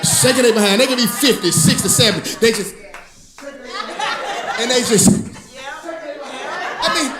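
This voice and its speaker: A man doing a stand-up comedy set, telling stories with an animated delivery, drawling some words and shouting punchlines. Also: very high voice, normal speed, pauses often, over music, crowd noise. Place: comedy club stage. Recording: echoey room with audience laughter.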